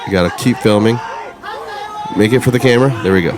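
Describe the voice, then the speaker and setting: Crude, loose-talking podcast host. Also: male voice, fairly low pitch, fast, a crowd in the background. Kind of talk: casual chat.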